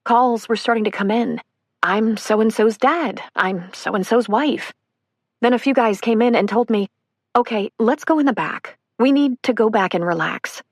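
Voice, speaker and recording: A woman's voice: fairly high pitch, measured pace, dry recording, studio quality. A woman narrating a survivor's first-person account for an audiobook, earnest and emotional.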